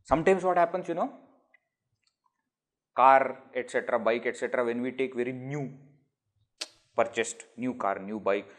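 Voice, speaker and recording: A man's voice: medium pitch, moderate pace, pauses often. A man with an Indian English accent giving a scripture discourse, explaining with rhetorical questions and everyday examples. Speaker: spiritual teacher.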